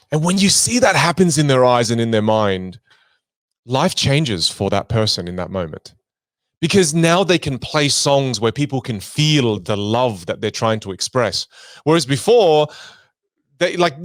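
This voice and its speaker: A man guest on an interview podcast, a voice coach who talks expressively and swings his pitch and volume to make his points. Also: big pitch swings, normal speed, no echo. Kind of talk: animated conversational interview.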